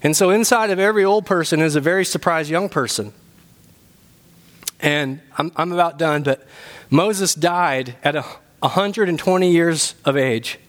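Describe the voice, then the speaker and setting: A man preaching a sermon in a church, animated and humorous, building to emphatic points. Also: fairly high pitch, moderate pace. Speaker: pastor.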